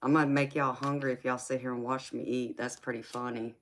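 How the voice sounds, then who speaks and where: Speaking fairly quickly in a deep bass voice with level tone, an American woman runs a casual livestream. She laughs a lot while chatting with her viewers, addressing them as honey and sweetheart.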